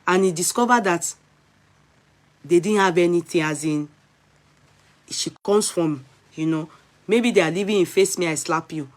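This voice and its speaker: A Nigerian woman commenting on a video clip in casual, animated vlog talk, mixing English and Yoruba. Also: medium pitch.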